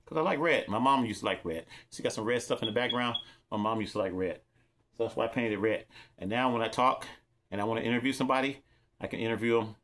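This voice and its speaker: A middle-aged man from California talks through a cheap wireless mic kit in an easygoing show-and-tell. He rambles and repeats himself, speaking directly to his viewers. His voice sits at an ordinary male pitch. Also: a bit bright. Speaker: vlogger reviewing gear. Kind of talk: casual show-and-tell demo.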